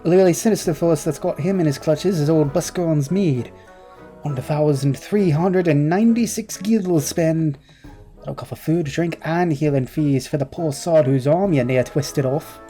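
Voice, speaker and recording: A crude, blustering tavern keeper drawls in a put-on pirate-like accent, as a gamer voices him. The delivery is slow and bawdy, with a mellow tone. Faint game music sits underneath. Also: medium pitch, lightly acted. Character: gruff, foul-mouthed tavern keeper, middle-aged man. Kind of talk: voice-acted game dialogue reading.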